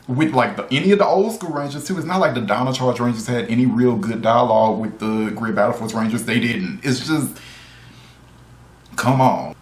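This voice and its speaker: A man ranting in a video review, exasperated and animated, laughing often as he complains. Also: medium pitch, echoey room.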